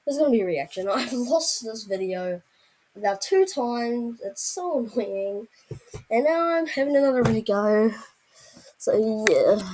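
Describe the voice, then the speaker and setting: A woman's voice: fairly high pitch, darkish tone, poor audio. A woman chatting casually to viewers as she reacts to a video, often apologizing in asides. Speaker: reaction vlogger.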